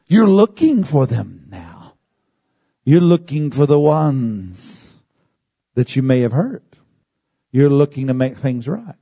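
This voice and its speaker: A man preaching a sermon, moving from calm teaching to loud, high-pitched shouting. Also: slow, long pauses, husky, no room sound, highs cut off.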